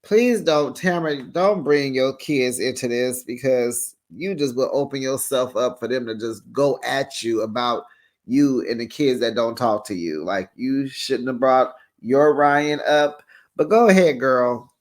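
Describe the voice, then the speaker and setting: A host with a mid-pitched voice gives a sassy, gossipy reality TV recap, addressing viewers directly. The casual commentary moves slowly and unhurriedly, with lots of drawn-out asides.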